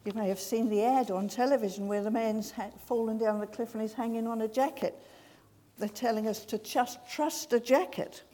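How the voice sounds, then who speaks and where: Woman, sermon, slow and gentle, husky warm voice, long church reverb. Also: on the high side. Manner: gentle, slow storytelling delivery. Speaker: preacher. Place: large church.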